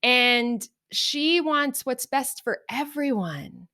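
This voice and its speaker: A middle-aged woman co-hosting a podcast, talking earnestly and reflectively, lively when she acts out everyday examples. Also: high-pitched, takes it slowly. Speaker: podcast co-host. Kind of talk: reflective conversational podcast talk.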